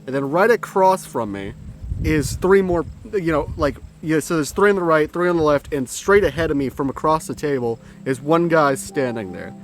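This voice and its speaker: A man's voice: a little high, expressive, normal speed, slight background noise. A young man telling a story in a casual, rambling way, swearing now and then. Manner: rambling, profane, self-correcting. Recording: clear background music.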